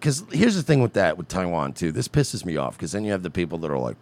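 A man's voice: low-pitched, sing-song, fast talker, hardly any pauses, darkish tone. A man co-hosting a podcast, riffing in exasperated, stammering casual banter. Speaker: podcast co-host.

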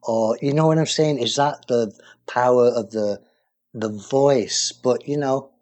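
A man's voice: mid-range voice, measured pace, darkish tone. Rambling enthusiastic man co-hosting. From England. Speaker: radio show co-host. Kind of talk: casual music chat.

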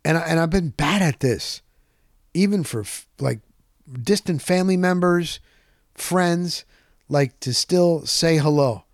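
A man hosting a podcast, telling a rambling, excitable story in a casual monologue and punching points with "boom.". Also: a little slow, creaky, no echo, studio quality. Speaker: podcast host.

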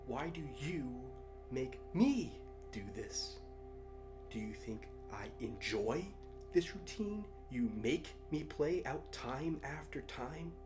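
A man's voice: mid-range voice, lively intonation, slow, music in the background, pitched above the performer's own voice. A man reading aloud and voicing a cold, contemptuous father who speaks in a clipped, scornful way.

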